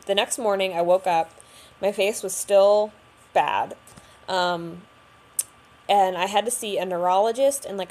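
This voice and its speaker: A woman's voice: lowish voice, a little mellow. A young woman talking candidly to camera about a hard time, chatty and full of fillers. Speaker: vlogger. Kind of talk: personal storytelling to camera.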